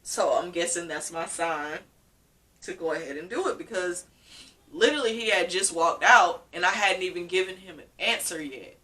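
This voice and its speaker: A woman's voice: lowish voice, expressive, normal speed, bright, forceful tone, far from the mic. A woman vlogger telling a personal story in a casual, emotional way, often repeating herself. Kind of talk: casual story-time vlog.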